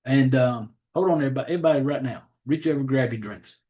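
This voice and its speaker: A man's voice: mid-range voice, quick pace, dark tone. Rambling Southern man hosting a podcast. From Southern United States. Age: adult, has a child. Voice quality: rambling, profane, self-deprecating about names. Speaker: horror podcast host. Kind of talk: casual chat.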